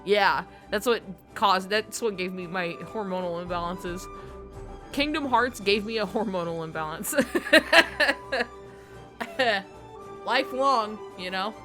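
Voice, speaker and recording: A woman streamer chatting casually and excitably, swearing and laughing often. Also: medium pitch, unhurried, soft background music. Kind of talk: casual chat.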